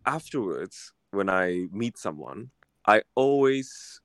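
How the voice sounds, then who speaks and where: A man telling a personal story in casual chat, halting with fillers and restarts, acting out what people said. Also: on the low side, big pitch swings, a bit bright, dry recording, studio quality. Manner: halting, many fillers and restarts, acts out quoted lines.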